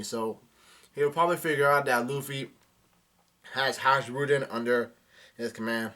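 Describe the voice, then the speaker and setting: A man's voice: medium pitch, normal speed, sharp tone. A young man doing a casual live reaction to a manga chapter, reading the dialogue aloud with many fillers and restarts.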